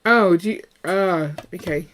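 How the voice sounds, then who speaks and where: There's a little hiss or hum behind this woman's fairly low voice, and she keeps a measured pace. As co-host of a live building stream, she chats playfully while building, skips from topic to topic, and reads viewers' messages out loud.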